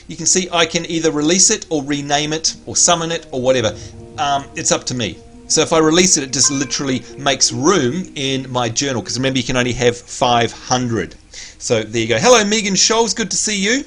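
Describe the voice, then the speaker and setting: Excitable Australian man streaming a game. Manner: excitable, jumps into high squeals of delight. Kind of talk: live gameplay commentary. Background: faint game music.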